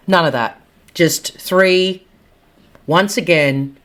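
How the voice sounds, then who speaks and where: Woman, low-ish voice, opinionated gossip vlogger, casual and blunt, laughs easily. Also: unhurried. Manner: blunt, animated, laughs at own jokes, slangy. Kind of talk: casual opinionated monologue to camera.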